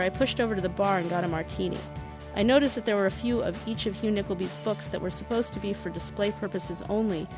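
Woman reading her novel aloud. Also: medium pitch. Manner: wry first-person narration.

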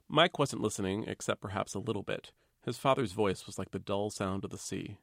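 A man, the author, reading a chapter of his novel aloud in a measured, wry, understated way. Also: fairly low pitch, creaky, no room sound, studio quality. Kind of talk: literary reading.

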